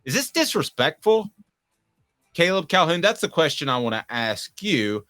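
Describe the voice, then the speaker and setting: A man's voice: on the high side, normal speed, no echo, clean studio sound, faint music behind. A man hosting a casual sports talk podcast, asking questions and giving his takes. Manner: lively, reads a sponsor spot.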